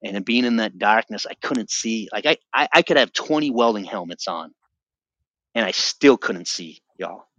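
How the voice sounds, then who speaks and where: A middle-aged man sharing his personal religious testimony on a podcast, earnest and vivid, often halting and restarting his sentences. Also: fairly low pitch, animated, fairly bright tone, no room sound, lo-fi sound.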